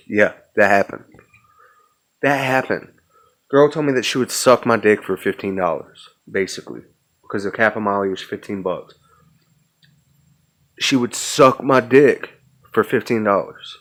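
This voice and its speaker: Slow-talking, rambling podcast host. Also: male voice, lowish voice, fairly bright tone. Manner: rambling and profane. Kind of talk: casual stoned storytelling.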